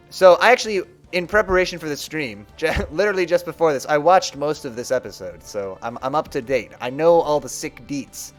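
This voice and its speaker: A man's voice: on the high side, expressive, a little fast, hardly any pauses, faint music behind. A man streaming a card video game, chatting casually and rambling about how people play. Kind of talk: casual gameplay commentary.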